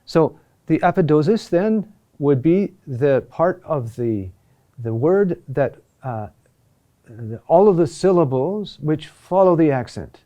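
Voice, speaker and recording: A middle-aged man teaching a class on chant, speaking deliberately with many pauses and fillers. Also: on the high side, animated, mellow, muffled recording. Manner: slow and deliberate, with frequent "uh" pauses. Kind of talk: classroom lecture.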